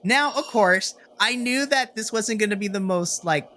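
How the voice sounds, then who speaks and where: Man, young, wrestling podcast host, excitable, swears, bright voice. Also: high-pitched, moderate pace. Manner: excitable storyteller, swears, acts out reactions. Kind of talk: casual wrestling recap.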